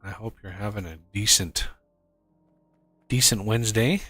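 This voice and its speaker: A man's voice: lowish voice, unhurried, bright, forceful tone, no echo, soft background music. A man streaming a game, talking to himself in exasperation as he plans his factory. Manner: exasperated, muttering to himself while building. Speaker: gaming streamer. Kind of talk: casual gameplay commentary.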